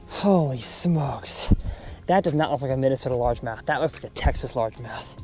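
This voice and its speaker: A man's voice: medium pitch, normal speed, over music. A young man narrating his own fishing trip outdoors on a river, exclaiming and repeating phrases as he goes. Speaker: fishing vlogger. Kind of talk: excited fishing vlog commentary.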